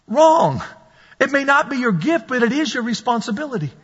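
High-voiced pastor guy preaching loud, bright edge, kinda husky, echoey church hall. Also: normal speed. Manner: animated, shouting at peaks, storytelling. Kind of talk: sermon. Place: church sanctuary. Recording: dull sound in a large reverberant hall.

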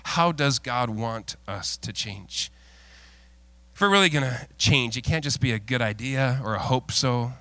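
A middle-aged male pastor preaching a sermon, mixing folksy, self-deprecating stories with earnest, lowered exhortation. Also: measured pace, pushed and bright, no echo. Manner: folksy, self-deprecating storytelling with frequent laughs.

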